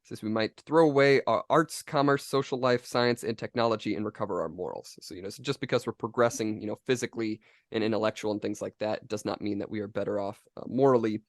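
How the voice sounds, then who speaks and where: An American man co-hosts a casual discussion and moves briskly through quoted passages, dropping in "um" and "you know". His voice sits fairly low. The sound is dry and close. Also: dry recording. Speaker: podcast co-host.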